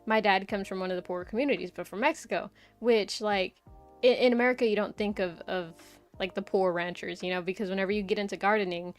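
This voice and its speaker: A woman's voice: mid-range voice, fairly even intonation, fast, soft background music. A young woman streamer chatting casually, rambling through a story with lots of "like" and "right?".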